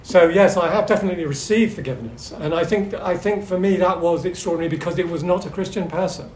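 A middle-aged man tells stories to a seminar audience, lively yet halting, with frequent ums and restarts. His voice sits a little high for a man. The room is echoey, with a faint hum behind him. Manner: hesitant, with many ums and restarts; lively storyteller. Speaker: seminar speaker. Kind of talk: anecdotal talk to a seminar audience.

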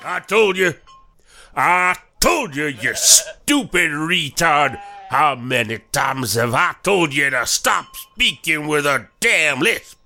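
A man voicing a cruel, abusive father who yells at his daughter. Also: fairly high pitch, animated, slow, vocal fry, music in the background, full character voice. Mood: contemptuous. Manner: harsh, yelling, contemptuous.

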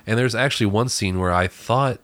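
Very deep-voiced man rambling about a movie. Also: brisk, fairly bright tone, dry recording. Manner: rambling, with many restarts and fillers. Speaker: podcast co-host reviewing a movie. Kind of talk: casual movie review chat.

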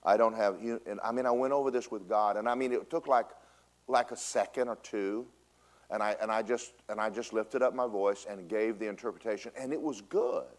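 A man, a pastor preaching a storytelling sermon in church, swinging from loud bursts to a hushed voice. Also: lowish voice, brisk. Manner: animated storytelling with big swings in loudness, drops to a hush. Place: church sanctuary.

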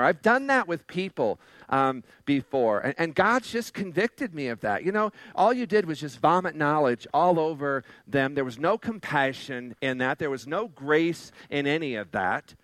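Brief: male pastor, high voice, loose conversational sermon, fillers and restarts, dry close mic. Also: fairly bright tone, dry recording. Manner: slows to stress key phrases.

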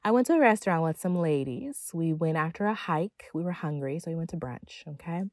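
A woman's voice: low-pitched, expressive, a little fast, darkish tone, dry recording. A woman giving a motivational monologue as a feminine energy coach, emphatic and casual, with slang and playful asides.

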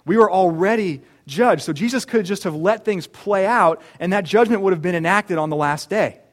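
Earnest male pastor preaching, higher voice. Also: normal speed. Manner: earnest, with rhetorical questions and restarts. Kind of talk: sermon.

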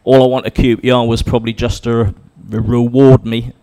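A former footballer answers a question on stage. He speaks at a middle pitch and is earnest and long-winded, circling his point with fillers. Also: flat delivery, normal speed, mellow, clear, resonant tone.

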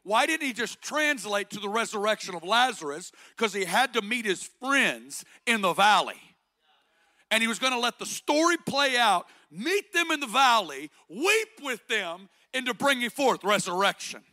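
A man's voice: high-pitched, lively intonation, normal speed, pushed and bright. A man preaching a sermon with passion, asking rhetorical questions and building through repeated phrases.

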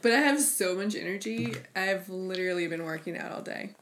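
A woman's voice: lowish voice, brisk, a bit bright, slight background noise. A woman co-hosting a casual fitness chat, bubbly and enthusiastic with frequent giggles. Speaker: podcast co-host.

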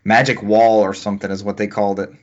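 Low-voiced laid-back man, lo-fi sound. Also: flat delivery, quick pace. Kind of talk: casual gaming chat. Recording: dull lo-fi sound.

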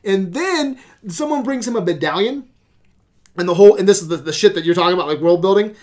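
A man's voice: high voice, expressive, fast talker, a little mellow. A man ranting about movies on a casual podcast, swearing a lot and sounding exasperated. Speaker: podcast host reviewing movies. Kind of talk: casual profane movie rant.

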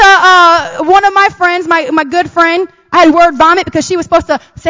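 A woman pastor, preaching a lively sermon with loud emphasis and soft asides. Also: sits high, moderate pace. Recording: long hall reverb.

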